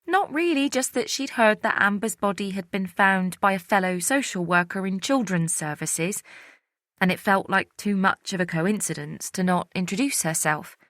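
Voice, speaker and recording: A woman's voice: medium pitch, normal speed, fairly bright tone, no echo, studio quality, lightly acted. A woman voicing a chatty office colleague. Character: friendly female office colleague. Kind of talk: audiobook character voice.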